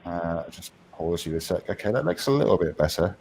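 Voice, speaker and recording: A man's voice: low-pitched, lively intonation, brisk, gravelly, a little mellow, a little hiss or hum, low-quality recording. A man with a New Hampshire accent hosting a casual stream, rambling and laughing at himself. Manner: rambling, self-deprecating, laughs often. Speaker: stream host. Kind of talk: casual chat.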